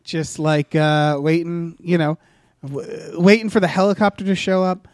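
A man's voice: a little high, steady tone, moderate pace, dry recording, studio quality. A man co-hosting a comedy podcast, rambling through an improvised story with many filler sounds and restarts. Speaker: podcast co-host.

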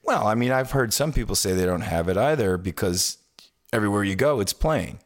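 A man co-hosting a casual music podcast, telling stories with many stammered restarts. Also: fairly quick. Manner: animated storyteller, swings pitch wide, stammers on restarts. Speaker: podcast co-host. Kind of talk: casual chat.

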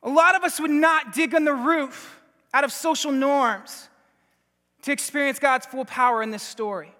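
High, bright-voiced energetic pastor. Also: male voice, moderate pace, in a large hall. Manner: energetic, laughing, stammering restarts. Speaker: pastor and Bible teacher. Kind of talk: sermon.

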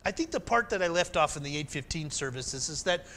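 Animated male pastor preaching. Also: a little high, brisk. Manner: animated, climbing to emphatic peaks, then dropping soft. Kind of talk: sermon.

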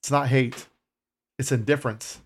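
A man's voice: medium pitch, steady tone, normal speed, breathy edge. Rambling man in casual podcast chat. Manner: rambling, many fillers. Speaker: podcast co-host.

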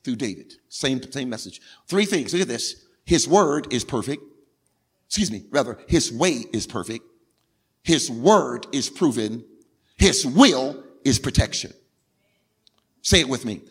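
A male pastor preaching a sermon, repeating phrases insistently and building from quiet talk to crying out. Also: big pitch swings, moderate pace, husky. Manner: swings from low and quiet to shouting, crying out.

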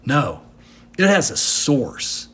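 Husky-voiced man preaching a sermon. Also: fairly high pitch, huge pitch swings, slow, a bit bright. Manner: earnest, emphatic preaching with rhetorical questions. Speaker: pastor.

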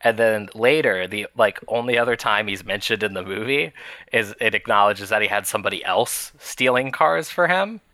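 A man's voice: lowish voice, moderate pace, bright, forceful tone, no room sound. A man co-hosting a podcast in casual chat, rambling with fillers and small laughs. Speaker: podcast co-host.

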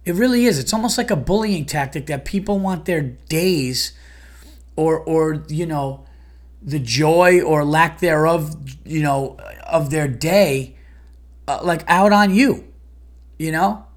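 A man's voice: fairly high pitch, slow pace. A comedian and podcast host ranting in a heated, profane, exasperated monologue about his day.

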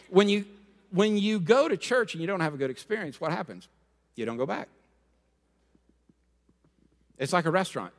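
Male pastor, sermon delivery, slightly high voice, bantering with the congregation, in a hall with long reverb. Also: normal speed, pauses often. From Rhode Island and Florida. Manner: lively, joking, asks the congregation to respond.

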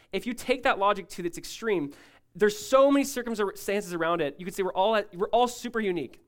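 A male pastor preaching a sermon, emphatic and rising loud, then dropping to a hushed tone, often asking listeners to follow along. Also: high-pitched. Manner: asks the congregation to follow along.

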